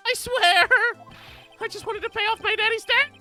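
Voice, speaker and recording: A woman voicing a panicked male magician with an American Southern accent, pleading loudly. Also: very high-pitched, moderate pace, soft background music, voice pushed up. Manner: frantic, pleading, loud.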